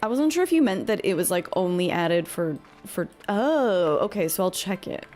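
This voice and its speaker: A woman's voice: on the low side, lively intonation, normal speed, a little mellow, soft background music. A young woman streamer chatting casually over a game, swearing freely and answering her chat. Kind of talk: casual gaming commentary.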